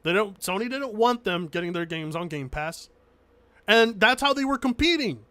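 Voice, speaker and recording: A man's voice: high voice, expressive, normal speed, pushed and bright. A man streaming, reacting to a video with casual, argumentative commentary; he swears freely and keeps repeating his points for emphasis.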